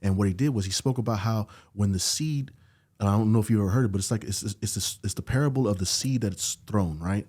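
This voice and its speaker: In a podcast studio, a male guest with a low, dark voice tells a story during casual conversation. He speaks quickly and animatedly, acting out the quoted dialogue.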